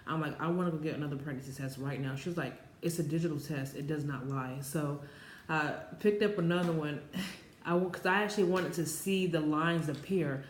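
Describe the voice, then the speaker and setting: A woman's voice: deep voice, fairly quick. A woman in her late twenties telling a personal story to camera in a chatty, rambling way, full of filler words. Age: 20s. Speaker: vlogger. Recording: roomy echo with faint background noise.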